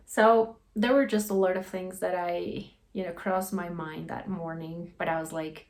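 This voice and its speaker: A woman's voice: lowish voice, fairly even intonation, measured pace, hardly any pauses, darkish tone. A young adult woman telling a personal story in a casual, rambling way, full of "like" and "you know". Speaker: guest sharing a personal story.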